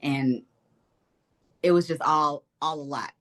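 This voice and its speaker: A woman's voice: deep voice, slow pace. Earnest woman telling her personal story. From Detroit, Michigan. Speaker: state representative, guest. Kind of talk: personal testimony in an interview.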